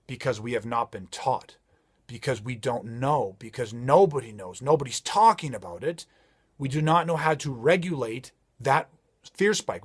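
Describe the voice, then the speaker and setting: A man's voice: mid-range voice, slightly rough. A man giving a motivational safety talk, emphatic and driving his points home with repeated rhetorical questions. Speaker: safety trainer.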